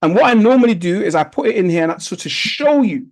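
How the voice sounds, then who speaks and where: High-voiced man coaching traders. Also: expressive, fast, vocal fry, low-quality recording. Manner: coaxing, repetitive coaching with rhetorical questions. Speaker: trading instructor. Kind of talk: live online trading lesson over a chart. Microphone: video call.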